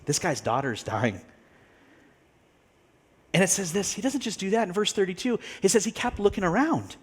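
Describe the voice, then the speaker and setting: A man preaching a sermon in a lively, storytelling way, his voice climbing and dropping a lot. His pitch sits a little high for a man, and he slips into the voices of the people he quotes. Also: normal speed, husky. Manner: animated storytelling, acts out quoted characters, laughs often. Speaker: pastor.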